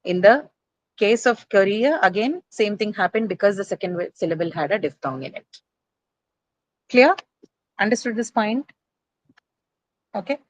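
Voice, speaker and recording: A woman's voice: medium pitch, expressive, normal speed, pauses often, no echo, poor audio. A woman teacher giving a classroom lecture on word stress, explaining patiently, repeating points and checking that students understand. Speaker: English teacher.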